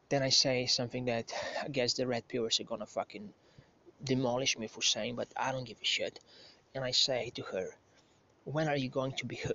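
A man's voice: medium pitch, pushed and bright, slight background noise. A man in his thirties telling a rambling, profane anecdote as a podcast host, often correcting himself as he goes. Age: 30s. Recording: slightly muffled lo-fi recording.

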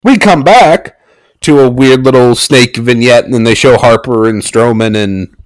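A man casually recapping a wrestling match with sarcastic commentary and mock-excited outbursts. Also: mid-range voice, measured pace, poor audio.

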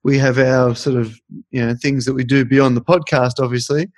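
A man's voice: mid-range voice, little pitch movement, moderate pace, darkish tone, no room sound. A man hosting a podcast, chatting casually and telling stories in a reflective way. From Australia. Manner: reflective, storytelling. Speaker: podcast host.

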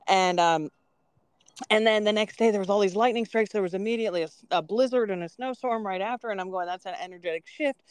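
Smooth-voiced woman telling rambling stories. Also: medium pitch, quick pace, no echo. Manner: rambling, earnest storytelling with frequent ums. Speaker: podcast co-host. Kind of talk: casual podcast chat.

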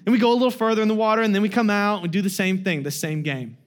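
A man's voice: high voice, rapid-fire. A young adult man giving a sermon as a guest preacher, telling a family story in a casual way with many fillers.

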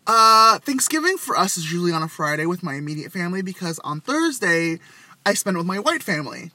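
A young man telling stories in casual chat, animated, with loud acted quotes. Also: sits high, fairly quick, no echo. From Vietnamese family background.

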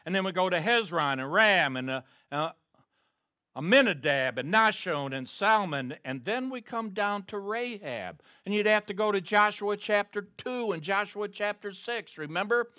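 A male pastor delivering a sermon in animated storytelling fashion, his pitch leaping widely as he moves between hushed asides and loud, emphatic peaks. His voice is bright and forward. The recording is dry and close, with no room sound. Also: moderate pace, dry recording. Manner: animated storytelling with acted-out quotes.

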